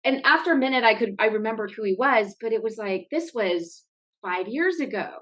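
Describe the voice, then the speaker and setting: A woman's voice: fairly high pitch, brisk. A woman attorney with a Texan accent, telling a story in casual podcast chat and animating the quotes she retells. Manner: storytelling, animated when quoting. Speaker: family law attorney.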